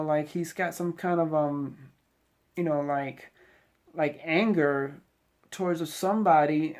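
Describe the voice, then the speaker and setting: Speaking in a fairly high, slightly mellow voice, a middle-aged man in the Navy delivers a rambling pep talk to the camera. He preaches at the viewer directly, sprinkling in lots of "you know."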